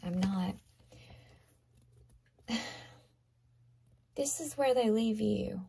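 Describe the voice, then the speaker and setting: Slow, gravelly-voiced woman reading tarot. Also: mid-range voice. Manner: earnest, conversational, drifts into soft half-whispers. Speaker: tarot reader. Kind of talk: tarot card reading to viewers.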